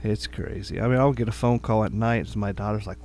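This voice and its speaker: A man's voice: lowish voice, fairly even intonation, a little fast, hardly any pauses, a little mellow, slight background noise. A middle-aged man co-hosting a podcast, chatting casually in an easygoing, rambling way and often repeating words. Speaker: podcast co-host.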